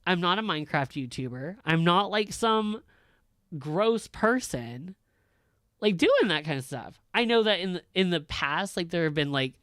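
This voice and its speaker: A man's voice: high voice, animated, measured pace, a bit bright, dry recording, studio quality. Blunt, profane man teacher ranting. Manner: candid, blunt and profane, filler-heavy. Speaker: high school teacher. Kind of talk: casual ranting chat.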